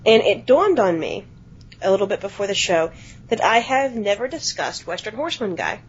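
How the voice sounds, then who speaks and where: A woman co-hosting a podcast, telling a workplace anecdote in a casual, animated way with some offhand swearing. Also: mid-range voice, moderate pace, a little hiss or hum. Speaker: podcast co-host. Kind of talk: casual storytelling chat. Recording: dull lo-fi podcast audio.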